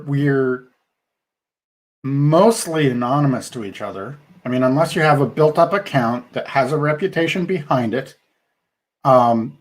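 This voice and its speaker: A man co-hosting a podcast, talking in a thoughtful, measured way with frequent restarts. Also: mid-range voice. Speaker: podcast co-host. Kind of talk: casual podcast discussion.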